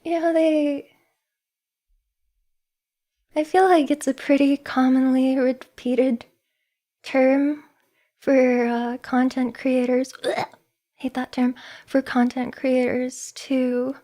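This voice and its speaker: High-voiced, giggly woman streamer. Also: flat delivery, takes it slowly, pauses often, warm tone. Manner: giggly, emotional, self-deprecating. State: nervous, hands shaking. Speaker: VTuber streamer. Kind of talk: casual livestream chat.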